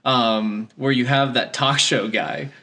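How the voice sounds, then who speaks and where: A man's voice: medium pitch, takes it slowly, pushed and bright. A man co-hosting a casual game podcast, laughing often and retelling game scenes with voices. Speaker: podcast co-host. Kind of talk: casual game review chat.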